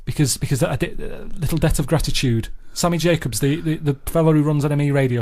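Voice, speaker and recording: A man musing in a flat, grumbling way during a casual radio chat. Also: on the high side, quick pace, hardly any pauses. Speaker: radio co-host.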